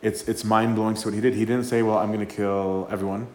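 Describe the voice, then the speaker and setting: A man's voice: fairly low pitch, level tone, fast, darkish tone. A man, a priest, giving an informal talk that is conversational, tagging "right?" onto his points and acting out the quotes. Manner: conversational, keeps asking "right?", acts out quotes. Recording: echoey room with faint ambience.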